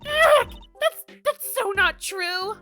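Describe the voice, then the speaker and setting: A woman doing a chirpy bright teen girl. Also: extremely high pitch, animated, slow, faint music behind, voice pushed up, full character voice. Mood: indignant. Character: bubbly teenage girl magician assistant.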